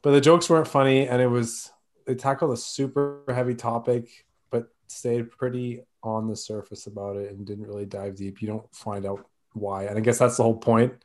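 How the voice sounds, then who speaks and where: Man, mid pitch, co-host, lively and casual in discussion. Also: moderate pace. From Canada. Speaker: podcast co-host. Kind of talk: casual chat.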